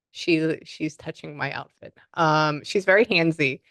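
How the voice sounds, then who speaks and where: A woman's voice: sits low, measured pace, hardly any pauses, a bit bright, dry recording. Chatty woman psychic, rambling reading. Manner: chatty, rambling, many fillers. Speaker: psychic medium. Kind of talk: casual spirit reading.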